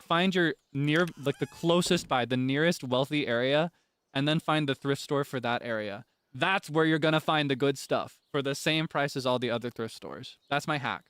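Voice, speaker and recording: A man's voice: mid-range voice, fairly bright tone, clean tone, no room sound. A young man streaming a farming game, chatting casually, laughing often and breaking into dramatic frustrated outbursts. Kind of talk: casual gameplay chat.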